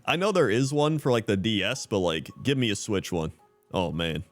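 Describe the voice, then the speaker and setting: A man's voice: on the low side, very animated, normal speed, faint music behind. A man streaming live in casual chat, reading out usernames and laughing often.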